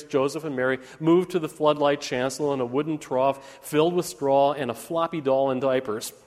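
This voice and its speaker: A man with a high voice tells a story in an animated, building way. His words ring out with a long reverb, as in a church sanctuary. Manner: animated storytelling with rising intensity.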